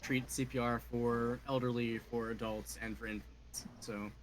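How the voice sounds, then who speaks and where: Young male co-host, mid pitch, earnest casual chat, noticeable background noise. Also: flat delivery, moderate pace.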